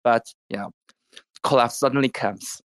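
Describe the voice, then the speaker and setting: A man speaking halting non-native English as a guest in an online chat, with many restarts and fillers. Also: mid-range voice. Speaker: guest developer. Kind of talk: casual audio chat interview. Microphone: online audio chat room.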